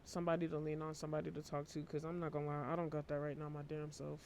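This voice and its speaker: A worn-out man giving a casual tarot reading to camera, talking in a flat, low-energy monotone and swearing casually. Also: rapid-fire, creaky, slight background noise. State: emotionally worn out. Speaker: tarot reader.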